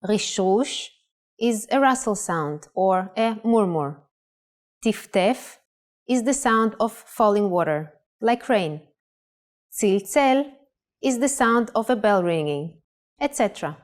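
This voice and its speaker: A woman presenting a scripted language lesson, pronouncing words clearly and carefully. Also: mid-range voice, lively intonation, takes it slowly. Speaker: language teacher.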